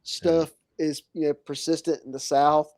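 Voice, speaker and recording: A man's voice: a little high, little pitch movement, a little slow, darkish tone, no echo. A man talking as a podcast guest in casual chat, rambling with many fillers.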